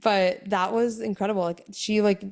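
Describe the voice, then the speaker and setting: A chatty young woman co-hosting a podcast tells a story in a casual chat, laughing often and animating the voices she quotes. She's pregnant and exhausted from sickness. Her mid-range voice moves at a normal speed.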